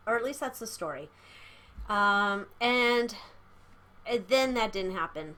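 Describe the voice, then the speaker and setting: A woman's voice: mid-range voice, a little slow, sharp tone. Chatty woman doing a tarot reading. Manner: chatty, rambling, giggly asides. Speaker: tarot reader. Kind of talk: casual tarot reading vlog. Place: small room at home. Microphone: camera mic.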